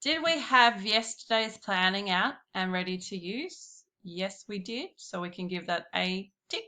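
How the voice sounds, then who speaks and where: A woman giving a slow, patient classroom lesson, talking straight to her pupils. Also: mid-range voice, lively intonation, pushed and bright. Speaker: primary school teacher.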